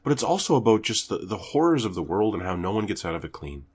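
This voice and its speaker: A man co-hosting a casual podcast chat, talking in an animated, profane way and breaking into little acted-out quotes. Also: on the low side, quick pace, a little hiss or hum. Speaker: podcast co-host.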